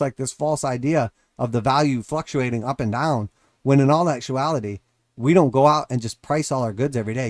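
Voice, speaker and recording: A man's voice: medium pitch, darkish tone, no room sound, clean studio sound. Man rambling through market commentary. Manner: rambling, conversational, acts out quoted voices. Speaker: crypto and stock market livestream host. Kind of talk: casual livestream market commentary.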